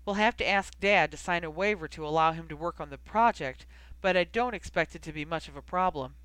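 A storybook narrator voicing an eager, excited young man, louder and livelier than the narration. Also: mid-range voice, a little fast, clean tone, no room sound, close to an everyday voice.

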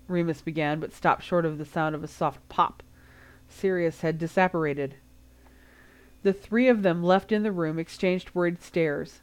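A woman reading fan fiction aloud as an audiobook, steady and unhurried. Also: sits low, smooth. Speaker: audiobook reader.

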